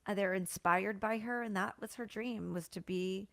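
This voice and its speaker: A woman guest on a podcast, telling a heartfelt story in an animated way, tearful and laughing at once. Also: medium pitch, moderate pace, vocal fry, no room sound. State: crying. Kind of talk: emotional interview storytelling.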